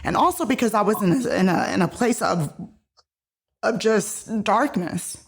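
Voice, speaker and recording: A woman's voice: medium pitch, expressive, normal speed. A woman in her thirties telling a personal story in casual conversation, earnest and emotional, with many restarts. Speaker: podcast guest. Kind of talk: casual chat.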